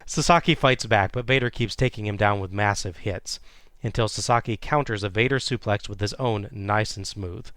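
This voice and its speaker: A man co-hosting a podcast, retelling a wrestling match play by play in a steady, casual way. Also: lowish voice, brisk, clear, resonant tone, dry recording, studio quality. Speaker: podcast co-host recapping wrestling. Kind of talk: casual recap narration.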